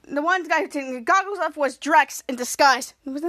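A woman's voice: high voice, brisk, bright, forceful tone. A woman hosting a podcast, recapping a TV episode scene by scene and acting out the characters' lines. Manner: retells scene by scene, acting out quotes. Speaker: podcast host.

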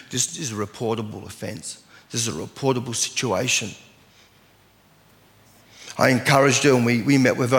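A man preaches a sermon in an earnest, storytelling way and reads scripture aloud. His voice sits at a middle pitch. A long reverb from a church hall trails after his words. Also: a bit bright. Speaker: pastor.

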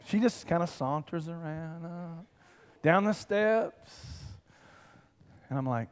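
A man's voice: on the high side, big pitch swings, a little slow, long pauses, darkish tone. A man preaching a sermon as pastor, swelling with emphasis and calling out to the congregation. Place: large church sanctuary. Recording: long reverb of a big hall.

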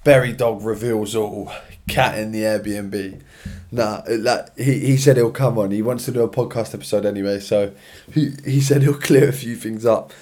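Hosting a solo podcast from his bedroom, this young man sounds worn out and keeps yawning into his own podcast mic. He speaks at a normal pace with a lowish, steady, slightly dark voice, rambling along in casual slang.

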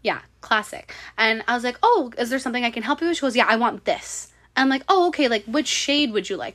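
A young woman hosts a podcast, chatting casually and telling stories while acting out the quotes and laughing often. Her voice is medium-pitched and a bit bright.

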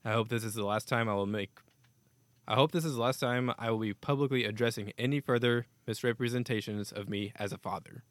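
A man's voice: mid-range voice, fairly even intonation, a little fast, dry recording. A man hosting a casual hockey news podcast, reading statements aloud with offhand asides. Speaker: podcast host.

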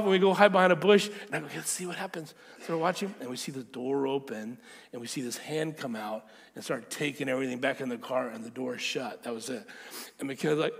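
A man preaching a sermon through lively personal stories, acting out the voices in them. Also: medium pitch, brisk, vocal fry, big-room sound. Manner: animated storyteller, acting out quotes. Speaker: pastor. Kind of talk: storytelling sermon.

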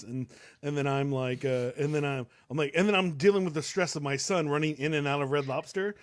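A man's voice: fairly high pitch, a little fast, no room sound. A young man telling a long story on a talk show, casual and rambling, with many fillers and restarts. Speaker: co-host.

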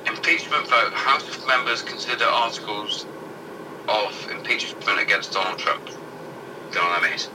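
A man's voice: on the low side, expressive, normal speed. Man reading headlines, far from mic. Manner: irreverent, sweary, stumbles while reading aloud. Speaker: co-host reading out news headlines. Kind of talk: casual banter. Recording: distant mic with loud background noise.

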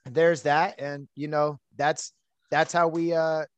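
An outgoing man chats through a long personal story on his podcast, full of fillers and asides. His voice sits a little high, and the sound is close and dry. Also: flat delivery, slow pace, clean tone, no echo. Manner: outgoing, chatty, lots of fillers. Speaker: podcast host. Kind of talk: casual storytelling chat.

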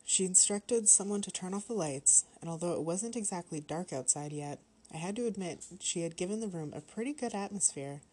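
A woman narrating a horror story aloud in a steady, even reading manner. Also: on the low side, brisk, hardly any pauses, slightly rough.

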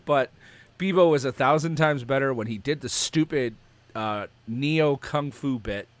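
A man's voice: mid-range voice, unhurried, no echo. A man co-hosting a casual podcast, jokey and rambling, laughing often. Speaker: podcast co-host. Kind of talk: casual chat.

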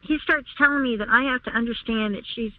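A woman's voice: quick pace, no room sound. A woman recounting a personal story as an interview guest, speaking emphatically and repeating herself as she goes. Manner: emphatic, repeats herself, rising pitch when upset. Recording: tinny phone line, dry.

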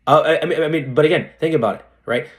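A young male dentist chatting casually as a podcast guest, animated and slangy, often asking "right?" and calling the listener "dude". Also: on the high side, fast talker.

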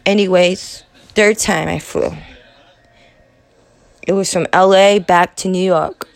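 A young woman in her twenties hosts a podcast, telling a personal story in a halting, profane confessional monologue. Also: lowish voice, fairly even intonation, gravelly, no echo. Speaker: podcast host.

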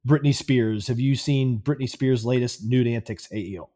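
A man's voice: medium pitch, normal speed, mellow. A man co-hosting a podcast in loose, profane banter, worn out from long workdays. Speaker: podcast co-host.

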